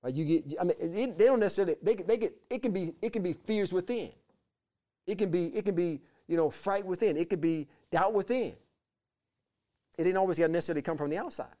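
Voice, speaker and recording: A man's voice: high-pitched, quick pace, mellow. A man co-hosting a faith talk show, preaching fervently in a repetitive, rhythmic cadence. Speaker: podcast co-host.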